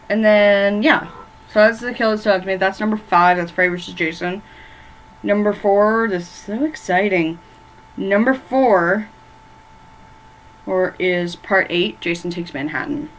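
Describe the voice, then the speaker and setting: A woman's voice: mid-range voice, slight background noise, rough recording. A woman ranking horror movies in a rambling, casual chat from her bedroom, full of fillers and stumbling over names. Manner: rambling, filler-heavy, loses track of names. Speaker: movie vlogger.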